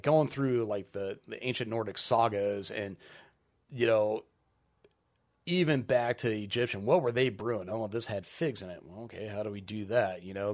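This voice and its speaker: A man who owns a brewery, talking casually as a podcast guest, relaxed and rambling with lots of filler ums. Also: on the low side. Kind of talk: casual interview chat.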